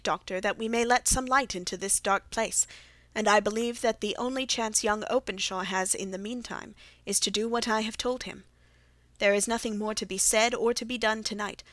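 Woman voicing a cool male detective, audiobook, measured, precise, middle pitch, dry sound. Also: fairly bright tone, dry recording, close to an everyday voice. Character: brilliant aloof male detective, middle-aged. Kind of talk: audiobook character reading.

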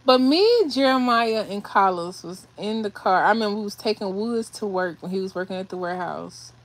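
A woman's voice: mid-range voice, a little fast. A woman telling a story to viewers on a livestream, emotional and shaky, rambling and repeating herself. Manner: rambling, restarts and repeats phrases. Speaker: vlogger doing a livestream. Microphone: phone or webcam on a livestream.

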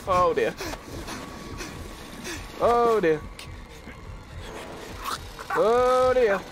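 A man commentates on a horror game as he plays it, jokey and excitable, with sudden yelps. His voice sits a bit high, and faint music runs underneath. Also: very slow. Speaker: streamer. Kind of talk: gaming commentary.

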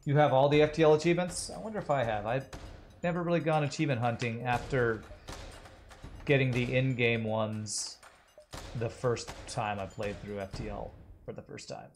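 A man's voice: medium pitch, moderate pace, soft background music. A male game streamer with a mid-range voice chats casually with viewers. He jokes around and reads their comments aloud between moves. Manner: jokey, reads chat aloud.

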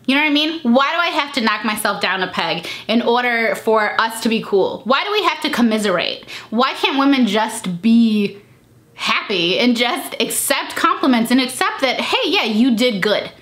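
A young adult woman talking casually and openly in a vlog, chatty and animated, jumping into high voices when she quotes people. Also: moderate pace. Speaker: vlogger. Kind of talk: casual confidence chat.

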